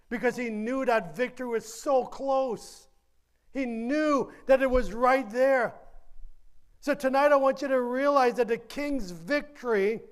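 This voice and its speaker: A man preaching a sermon as pastor, earnest and driving, with repeated questions and drawn-out lines. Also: very high voice, clean tone.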